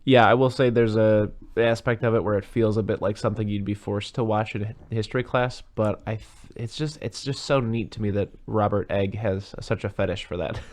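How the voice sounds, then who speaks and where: A man's voice: fairly low pitch, fairly even intonation, fairly quick, few pauses, darkish tone. A man co-hosting a podcast, chatting casually about films in a rambling way and swearing freely. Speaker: podcast co-host. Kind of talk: casual movie chat.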